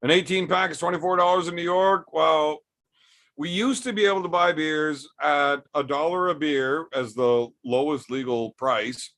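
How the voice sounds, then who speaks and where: A young man on a livestream, talking loose and profane as he reads out chat messages. His voice sits a little higher than most men's, and his delivery is blunt and joking, with plenty of cursing. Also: fairly bright tone. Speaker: streamer reading live chat.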